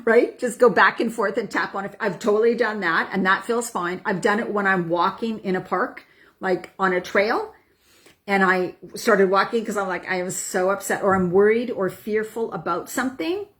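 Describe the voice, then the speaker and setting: A woman in her forties, a wellness coach, calmly guiding a tapping practice and checking in with "right?" and "okay?". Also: mid-range voice, normal speed. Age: 40s. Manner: soothing affirmations with frequent "right?" and "okay?". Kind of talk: guided self-help demonstration.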